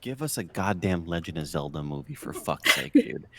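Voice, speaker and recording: Low guy with a bright sharp tone, swears a lot telling stories. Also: moderate pace, dry recording. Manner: animated storyteller, swears freely. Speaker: co-host. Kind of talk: casual podcast chat.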